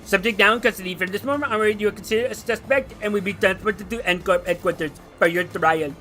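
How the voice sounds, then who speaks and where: A man voicing a stern corporate enforcement officer who reads out a formal arrest in a measured, bureaucratic way. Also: high-pitched, pushed and bright, faint music behind, voice pushed up.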